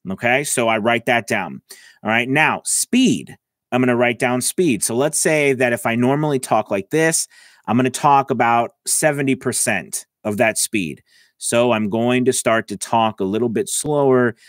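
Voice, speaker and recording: A man giving a casual voice-over lesson, talking into a close mic and filling pauses with "all right" and "okay". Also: medium pitch, no echo. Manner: chatty, lots of "all right" and "okay" fillers. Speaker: voice-over coach. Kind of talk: casual tutorial talk. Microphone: close mic, about six inches away.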